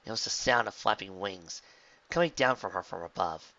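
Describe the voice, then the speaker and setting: A man reading a fan fiction story aloud in a plain, steady manner. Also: low voice, moderate pace, dull audio. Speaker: narrator.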